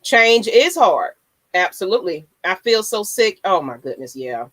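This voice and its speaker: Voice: mid-range voice, sing-song, moderate pace, fairly bright tone. A laid-back sports talk host speaking casually to an online audience. The sound is dry and close, with no room echo. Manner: laid-back, addresses viewers directly.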